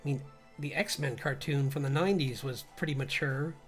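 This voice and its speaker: A man's voice: medium pitch, normal speed, faint music behind. A man streaming his drawing session, chatting casually, rambling and laughing often between remarks. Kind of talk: casual live-stream chat.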